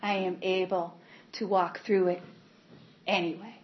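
A woman giving a candid personal testimony about her recovery, talking in a halting way with many repeats and fillers. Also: fairly low pitch, flat delivery, slight background noise. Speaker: speaker sharing her recovery story. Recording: dull lo-fi recording.

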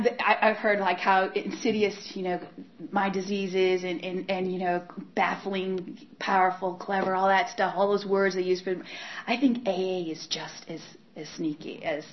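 Woman giving a candid recovery testimony, halting with fillers; mid-pitched voice on a dull, lo-fi recording. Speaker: speaker sharing her recovery story. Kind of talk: personal testimony talk.

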